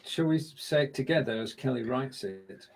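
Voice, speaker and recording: A man's voice: medium pitch, expressive, moderate pace, darkish tone. A man co-hosting a live stream in a casual chat, running a music quiz and fiddling with screen sharing as he talks.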